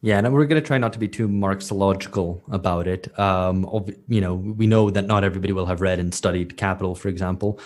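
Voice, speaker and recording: A man's voice: low-pitched, steady tone, fast talker, hardly any pauses. A man co-hosting a podcast, talking in a dry, matter-of-fact way. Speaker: podcast co-host. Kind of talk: conversational podcast chat.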